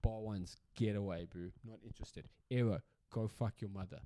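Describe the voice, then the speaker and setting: A man's voice: lowish voice, normal speed, mellow, dry recording. A South African man hosting a solo podcast in a casual, rambling rant, swearing freely and repeating himself for emphasis. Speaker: podcast host.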